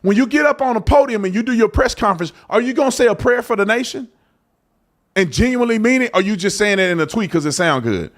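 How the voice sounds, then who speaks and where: Male podcast host, preachy and colloquial, high lively voice, opinionated commentary. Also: fast. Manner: preachy, colloquial, mocking impressions.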